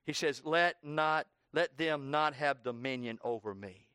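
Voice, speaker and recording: A man preaching a sermon and praying aloud in church, moving from quiet pleading to loud impassioned cries and repeating phrases for emphasis. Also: a little high, unhurried, few pauses, clear, resonant tone, no echo, studio quality. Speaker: pastor. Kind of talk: sermon with spoken prayer. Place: church service.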